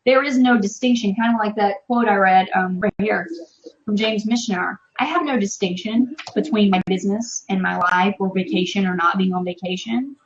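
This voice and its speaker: A woman's voice: mid-range voice, moderate pace. Passionate, swearing woman on a muffled stream. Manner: passionate, emphatic, swears freely. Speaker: interview guest, online business marketer. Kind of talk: casual live-stream interview. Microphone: video call.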